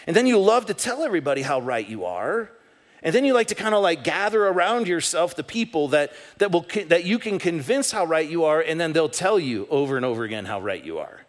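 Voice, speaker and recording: A man's voice: on the high side, brisk. A man preaching a sermon as pastor, talking in a conversational way and acting out the voices in his stories. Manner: animated, conversational, acts out quoted voices. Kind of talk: sermon with storytelling. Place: church sanctuary.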